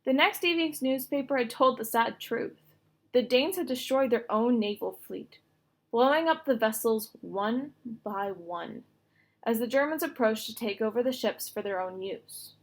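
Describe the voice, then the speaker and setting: Gravelly-voiced woman reading a storybook. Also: a little high, moderate pace. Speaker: reader. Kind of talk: storybook read-aloud.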